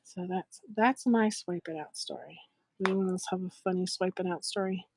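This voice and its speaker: A middle-aged woman hosting a live shopping show, telling a story in a casual, animated, giggly way and acting out the voices she quotes. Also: fairly low pitch, normal speed, slight background noise.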